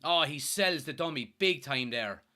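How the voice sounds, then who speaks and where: A young man hosting a live fan watchalong, giving excitable, partisan commentary and reading out chat. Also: fairly high pitch, a little slow. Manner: excitable, partisan, swears when thrilled.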